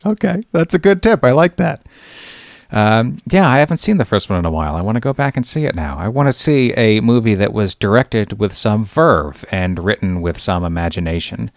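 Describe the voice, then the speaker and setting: A man's voice: lowish voice, expressive, normal speed, no room sound, clean studio sound. A middle-aged man hosting a podcast, telling stories in a wry, exasperated way during casual chat. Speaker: podcast host.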